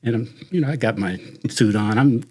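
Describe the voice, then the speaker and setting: A man's voice: mid-range voice, brisk, dark tone, breathy edge. A middle-aged man with a Southern Californian accent, a retired sheriff's deputy, telling profane, laughing anecdotes in casual talk. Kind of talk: casual storytelling.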